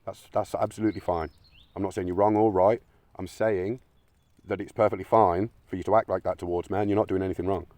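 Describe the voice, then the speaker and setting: A man delivers a combative, sweary monologue in a deep voice. He argues with imagined critics and sometimes mocks them in silly put-on voices. The close recording is dry, with little room sound. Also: fairly even intonation, quick pace, warm tone, no echo. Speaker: video essayist. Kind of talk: opinionated monologue.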